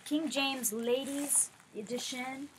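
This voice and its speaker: A woman unboxing gifts in a casual vlog, gushing over each one and dropping to a softer tone when she explains. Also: high-pitched, steady tone, takes it slowly, background noise. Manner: gushing, effusive. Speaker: vlogger.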